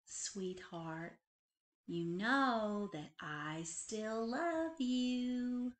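A woman doing a soft-spoken patient mother. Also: fairly high pitch, sing-song, voice pushed up, heavily acted. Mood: tender. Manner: soft, slow, soothing. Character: patient, gentle mother bunny.

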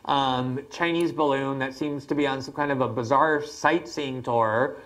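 A man's voice: mid-range voice, fairly even intonation, measured pace, fairly bright tone. A man hosting a political interview, talking in a wry, incredulous way as he builds up to his questions. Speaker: host.

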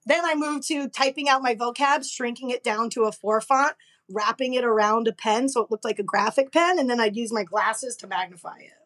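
A young woman, a podcast guest, telling a story in brash, profane, animated casual chat. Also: on the high side, normal speed.

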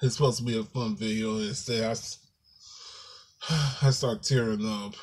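A man vlogging to his viewers in a casual, halting and apologetic way, calling them "y'all". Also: lowish voice, fairly even intonation, a little mellow. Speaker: YouTuber. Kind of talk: casual talk to camera.

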